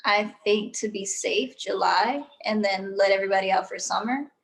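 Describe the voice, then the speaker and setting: A woman's voice: mid-range voice, moderate pace, creaky. A woman co-hosting a podcast in a casual chat, talking in a chatty, matter-of-fact way. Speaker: podcast co-host.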